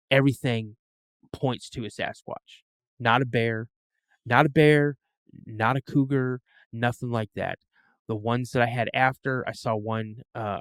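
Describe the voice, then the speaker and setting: A middle-aged man recounting his experiences as a guest on a podcast, speaking at an ordinary pitch. He tells his stories in a lively way, often restarting sentences and filling pauses. The sound is dry and close, with no room echo. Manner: animated, with frequent restarts and fillers. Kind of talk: casual storytelling in an interview.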